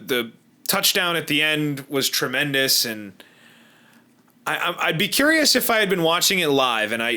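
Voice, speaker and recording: Bright-voiced man hosting a sports podcast. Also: a little high. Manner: rambling, self-correcting with repeated starts. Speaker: podcast host. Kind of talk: casual sports talk.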